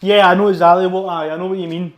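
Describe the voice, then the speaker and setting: A man's voice: sits high, level tone, fast. A young Scottish man chatting casually about his training in a gym, rambling and correcting himself, on a lapel mic. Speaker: powerlifting vlogger. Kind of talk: casual gym vlog chat. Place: gym, indoors. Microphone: wireless lapel mic under t-shirt.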